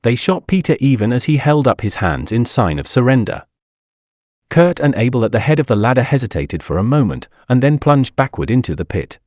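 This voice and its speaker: A man giving an expressive, dramatic audiobook narration on a close studio mic. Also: mid-range voice, brisk, no echo.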